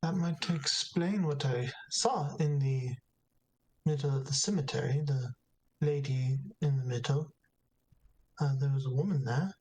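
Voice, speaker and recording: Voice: mid-range voice, measured pace, darkish tone, a little hiss or hum, poor audio. A player in a tabletop game, speaking uncertainly and trailing off.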